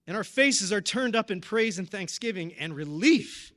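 Speaking at a normal speed, a man in his thirties with a high, bright, forceful voice shares a personal testimony in his sermon. He's a deacon or preacher at a parish, and he tells his story with earnest emotion.

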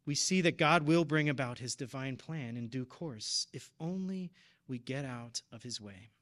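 A man's voice: medium pitch, normal speed, a bit bright. A man in his thirties preaching, telling a personal story in an earnest, emotional way. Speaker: deacon or preacher at a parish. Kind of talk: personal testimony in a sermon.

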